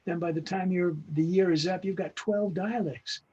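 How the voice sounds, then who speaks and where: An older man with a husky, slightly higher voice talks bluntly and emphatically, hammering home practical advice. The audio is dull and lo-fi, as from a video call. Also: steady tone, normal speed, dark tone. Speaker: veteran voice actor guest. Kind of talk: interview over video call.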